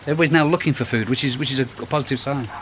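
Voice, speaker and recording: A man's voice: medium pitch, racing, fairly bright tone, a little hiss or hum. A middle-aged man, chatting casually to camera beside his garden pond, rambling and restarting his phrases. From United Kingdom. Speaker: koi pond vlogger. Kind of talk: casual vlog.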